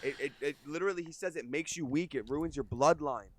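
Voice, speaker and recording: A man talking on a stream clip in a fast, accusing, profane way. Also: on the high side, no room sound. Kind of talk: casual livestream talk.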